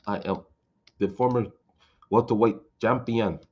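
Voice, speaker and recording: A man impersonating a male former champion in a slow, flat, mechanical voice. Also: fairly low pitch, breathy edge, lo-fi sound. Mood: robotic.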